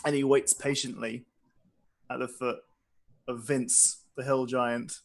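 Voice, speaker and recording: A man narrating a tabletop game as game master, playful and quick to laugh. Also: mid-range voice, level tone, creaky.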